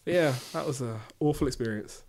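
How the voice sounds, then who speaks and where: A man, a podcast co-host, telling a story in casual chat, animated and swearing freely. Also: medium pitch, fairly quick.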